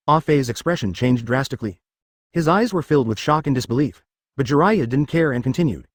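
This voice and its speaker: A man's voice: medium pitch, lively intonation, fairly quick, dry recording, studio quality. A male text-to-speech voice narrating a fanfic story in a machine reading that reads out stray words.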